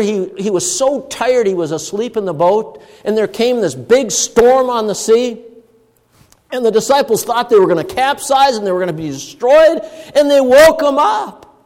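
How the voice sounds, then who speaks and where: A man preaching a sermon as a pastor, emphatic and slowing down to stress key words. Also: high-pitched, darkish tone, big-room sound.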